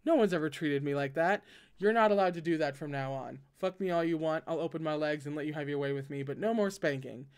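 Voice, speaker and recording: A man's voice: fairly high pitch, quick pace, clean tone, close to an everyday voice. A man doing a cheeky teasing young man. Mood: protesting.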